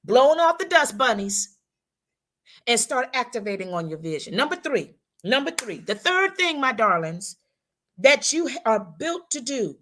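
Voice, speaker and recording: A woman co-hosting a women's talk show, giving a preacherly motivational talk with speech, repeating her lines and acting out how people talk. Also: high-pitched.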